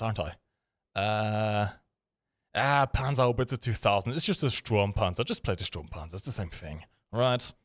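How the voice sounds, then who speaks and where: A man with a lowish voice hosts a casual live stream and rambles through jokes and chat questions. He fills gaps with ums and uhs. The sound is dry and close, with no room echo. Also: darkish tone. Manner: joking, rambling, with frequent fillers.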